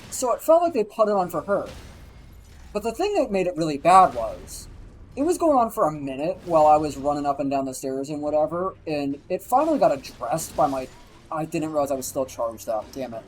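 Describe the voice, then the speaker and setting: A man's voice: a little high, big pitch swings, brisk, slight background noise, low-quality recording. A young man streaming live, telling a rambling, profane story while he plays a game. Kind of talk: casual chat while gaming on a live stream.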